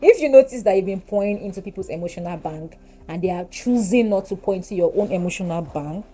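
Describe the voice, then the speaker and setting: A woman in her twenties with a Nigerian English accent, chatting while doing her makeup, animated and giggly. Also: medium pitch, quick pace, poor audio. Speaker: beauty vlogger. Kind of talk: casual get-ready-with-me chat.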